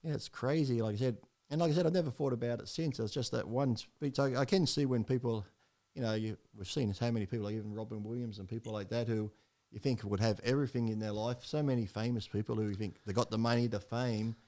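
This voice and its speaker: A man's voice: medium pitch, fairly even intonation, fast talker, mellow. A man, a podcast guest telling his story in a blunt, rambling way with heavy swearing.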